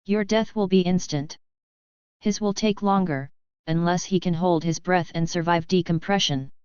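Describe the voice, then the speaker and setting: Cold contemptuous male dark lord, read by a woman, low voice, muffled sound. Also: steady tone, normal speed, clear, resonant tone, no echo, lightly acted. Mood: menacing.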